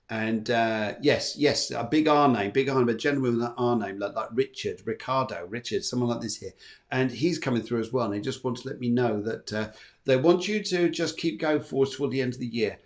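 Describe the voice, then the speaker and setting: This is a man hosting a spiritual live show and giving psychic readings. He rambles, circles back, and repeats phrases as he relays messages. His voice sits at an ordinary male pitch. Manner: rambling, repeats phrases, tags sentences with "here". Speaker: host and psychic medium.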